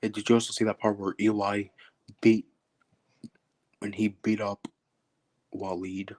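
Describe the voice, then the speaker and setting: A man in casual chat, explaining his own characters in short, halting bursts. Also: lowish voice, level tone, darkish tone, no room sound.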